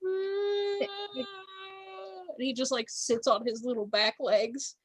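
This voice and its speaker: A woman running a tabletop game as game master, narrating in a lively, animated way. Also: fairly high pitch, slow, slight background noise, poor audio.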